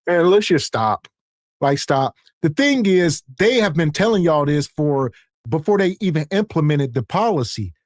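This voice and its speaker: A man hosts a podcast and reacts to clips in a laid-back, exasperated way. His voice sits a little high for a man, and the sound is close and dry. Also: lively intonation, moderate pace, no room sound. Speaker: podcast host. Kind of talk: casual commentary.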